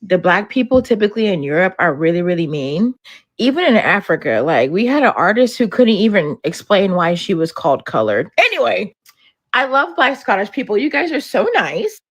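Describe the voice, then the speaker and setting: A woman's voice: medium pitch, very animated, moderate pace. A woman talking in a chatty, enthusiastic way in a social media clip.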